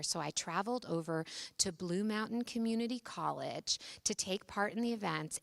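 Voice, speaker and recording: A woman's voice: on the low side, gravelly, fairly bright tone, no room sound. A middle-aged woman, a university president, giving an upbeat welcome speech on an event stage with chatty asides.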